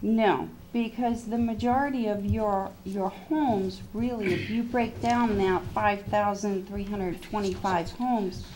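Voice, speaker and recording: Hoarse woman assessor walking a board through the figures, patient and plain, with faint room noise behind her. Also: mid-range voice, fairly even intonation, slow pace, few pauses, darkish tone, poor audio. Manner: plain, step-by-step explaining. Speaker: town assessor. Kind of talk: explaining at a public meeting. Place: town hall meeting room.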